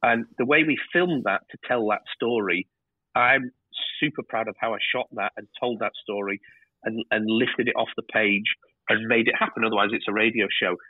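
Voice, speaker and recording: A man, a TV director, telling lively stories in a casual interview and swearing freely. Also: lowish voice, normal speed, husky, no echo. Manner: animated storyteller, swears freely. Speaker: TV director, guest. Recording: tinny phone-like line.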